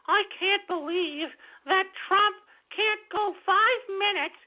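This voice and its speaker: Mocking bit: a man playing a whiny, indignant woman politician in a drawn-out high voice; lo-fi phone sound. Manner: mocking falsetto impression. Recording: tinny phone-like lo-fi radio recording.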